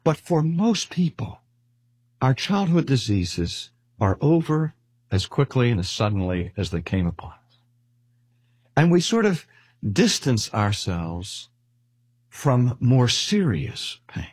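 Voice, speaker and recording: Older man preaching with a husky voice. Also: medium pitch, very animated, a little mellow, no echo. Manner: earnest, slowing down to stress key phrases. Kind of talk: sermon.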